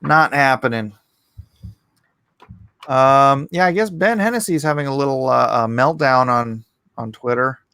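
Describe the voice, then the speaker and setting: A man hosting a casual livestream, animated and jokey, reading chat and bantering with his co-host. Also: mid-range voice, normal speed, smooth, no room sound. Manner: animated and jokey, breaks into laughs.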